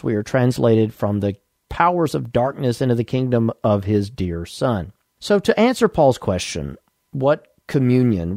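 A man with a Southern US accent delivers a radio sermon, working through scripture step by step. His voice is warm and mellow. The recording is dry and close. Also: medium pitch, dry recording. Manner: measured, explanatory preaching with scripture readings. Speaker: pastor.

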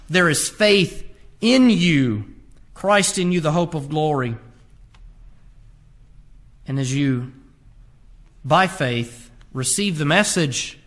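A man's voice: fairly high pitch, a bit bright. A man preaching a sermon, quoting scripture with emphatic rises and drops in his voice. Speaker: pastor.

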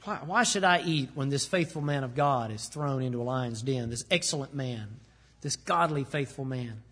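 A man voicing a distraught, guilt-ridden ancient king during a sermon, husky and pleading. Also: high-pitched, big pitch swings, fairly quick, fairly bright tone, full character voice. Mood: despairing. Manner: anguished, pleading.

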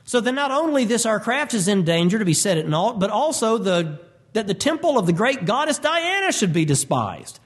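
Male preacher, high voice, lively storytelling delivery, reads scripture then explains it. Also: normal speed. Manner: animated, acts out voices and quotes. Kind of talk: expository sermon.

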